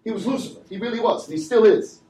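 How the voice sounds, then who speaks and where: A man preaching a sermon and calling for responses from the congregation, swinging between shouted lines and low asides. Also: fast talker. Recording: echoey church from far off.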